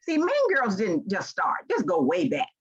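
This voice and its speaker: A woman's voice: mid-range voice, huge pitch swings, a little slow, breathy edge. Older Southern woman giving a folksy talk. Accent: Southern American. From Memphis, Tennessee. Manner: folksy, heartfelt, conversational. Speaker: keynote speaker. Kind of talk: motivational talk. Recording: dull lo-fi sound.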